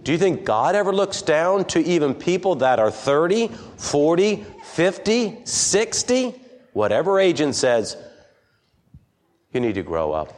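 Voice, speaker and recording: A man's voice: high-pitched, big pitch swings, unhurried. A man preaching an interactive sermon to a congregation, asking them questions and reading scripture aloud. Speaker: pastor.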